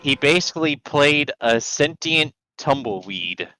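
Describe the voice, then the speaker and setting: A man co-commentating a sim racing broadcast, measured with a dry sense of humor. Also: on the high side, lively intonation, bright, forceful tone, smooth, dry recording, rough recording.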